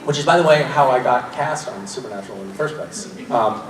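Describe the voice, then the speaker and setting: A man's voice: mid-range voice, quick pace, crowd noise. Forties male panel guest, casual and self-deprecating, laughs a lot; distant and roomy recording. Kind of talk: casual Q&A storytelling. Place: large convention hall. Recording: echoey hall recorded from far off with noise.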